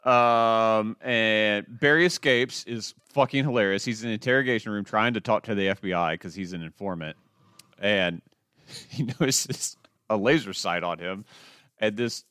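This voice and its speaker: A man hosting a podcast, excitedly recapping TV episodes in a rambling, swear-filled casual chat. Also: lowish voice, normal speed, clean tone, no room sound, studio quality. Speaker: podcast host.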